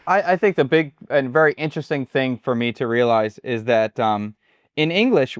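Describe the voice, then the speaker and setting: A man, a chef who is a guest on the show, explaining things casually and illustrating them with animated examples. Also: medium pitch, normal speed, smooth, dry recording, studio quality. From United States. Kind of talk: casual conversation.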